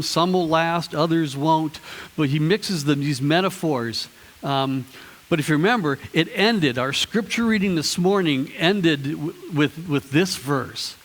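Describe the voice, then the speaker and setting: Male pastor, higher voice, easygoing preaching, reverb from a big church hall. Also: a bit bright. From Ohio, US. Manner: conversational, chatty preaching with restarts and playful asides to the congregation. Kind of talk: sermon. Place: church sanctuary.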